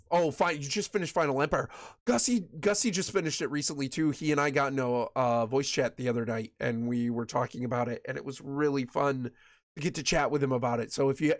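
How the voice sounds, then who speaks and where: A mid-range male voice comes through without echo. He's from West Michigan, speaks with a Michigan accent, and chats loosely with viewers during a game stream, rambling and often beginning sentences again.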